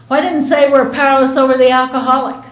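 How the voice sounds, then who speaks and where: A woman's voice: high voice, little pitch movement, quick pace. A woman from the United States sharing her story at a recovery meeting, candid and storytelling, acting out quoted dialogue. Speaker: Al-Anon speaker. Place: meeting hall. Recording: roomy dull conference recording.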